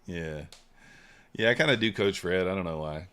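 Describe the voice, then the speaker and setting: Clear and resonant, this man's low, deep voice sounds pushed and bright. He talks casually on a live trading stream, rambling with lots of "uh" and "you know" and letting ideas fade out on a lingering "so."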